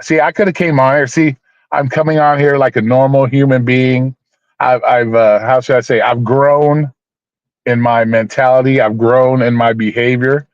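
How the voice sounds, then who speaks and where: A man's voice: medium pitch, fairly even intonation, moderate pace, dry recording. A man hosting a casual livestream, rambling, repeating himself and talking to viewers by name, blunt and swearing now and then. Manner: blunt, swears, mock-preachy. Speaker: livestream host. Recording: dull, dry lo-fi sound.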